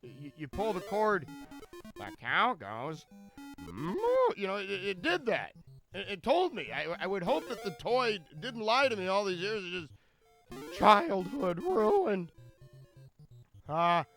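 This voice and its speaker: A man commentating his own speedrun on a live stream, rambling from joke to joke and tripping over his words as he restarts phrases. His voice sits high for a man and sounds bright and sharp, with faint music underneath. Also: big pitch swings, moderate pace, creaky. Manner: rambling, jokey, stammering restarts.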